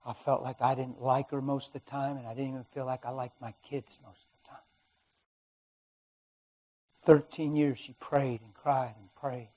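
Husky man preaching a dramatic testimony. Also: medium pitch, level tone, moderate pace. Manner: dramatic storytelling, swings from quiet to loud. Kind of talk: sermon testimony.

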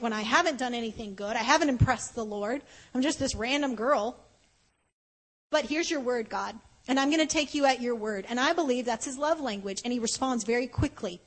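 A woman preaching a conversational sermon at a conference, earnest and animated, slowing down to stress key points. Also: on the high side, low-quality recording. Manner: earnest, animated, often slows for emphasis. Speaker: conference speaker.

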